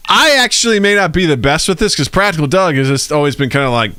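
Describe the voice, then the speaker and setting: A man's voice: a little high, animated, a little fast, sharp tone, smooth, no room sound. A man co-hosting a podcast, rambling through loose, joking advice in casual chat. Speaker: podcast co-host. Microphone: podcast mic.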